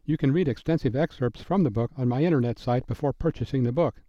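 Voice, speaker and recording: A man delivering a scripted radio Bible teaching in a measured, earnest and emphatic manner. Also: mid-range voice, no echo. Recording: dry, dull lo-fi broadcast audio.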